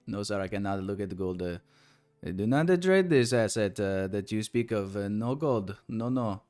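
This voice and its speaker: A man voicing a stubborn, dismissive male trader in a put-on accent with slow, clipped broken English. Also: on the low side, fairly bright tone, clean tone, no echo, studio quality, faint music behind, lightly acted.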